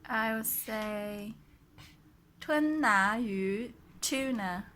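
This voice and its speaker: Bright, slow-speaking woman. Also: a little high, a little hiss or hum. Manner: slow, deliberate answers. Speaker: game player. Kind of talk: casual game play.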